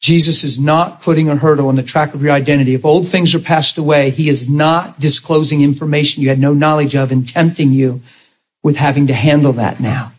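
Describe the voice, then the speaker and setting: A husky-voiced man preaches to a congregation, his voice sitting a little high. He tells his story with animated energy and breaks into loud laughing outbursts. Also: fairly quick. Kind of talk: sermon with storytelling.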